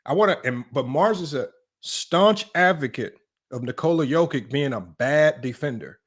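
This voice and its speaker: A man with a fairly high, expressive voice hosts a livestreamed sports talk show at normal speed. Arguing a point, he's emphatic and repeats himself, dropping in "right?" and "y'all."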